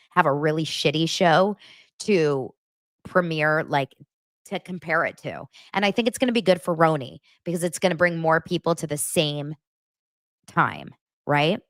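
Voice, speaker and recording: A woman's voice: deep voice, a bit bright, no echo, studio quality. A woman hosting a livestream, chatting casually to her viewers in a gushing way, full of fillers and asides. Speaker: host of a pop-culture livestream show. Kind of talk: casual chat to a live audience.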